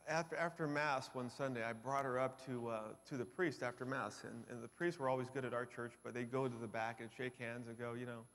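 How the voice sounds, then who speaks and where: Man in his own storyteller voice, mid-pitched, animated, jokes at his own expense, heard in a long-reverb conference hall. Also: brisk, hardly any pauses, slight background noise. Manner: animated, acts out quoted voices; self-deprecating humor. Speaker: conference speaker. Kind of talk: personal testimony storytelling.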